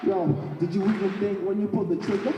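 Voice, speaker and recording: High-voiced teen guy rapping on stage. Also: steady tone, fast talker, dull audio, music in the background. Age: teens. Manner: call-and-response rapping. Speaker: student performer. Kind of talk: rap performance. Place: large opera house stage. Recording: echoey hall from far off, noisy.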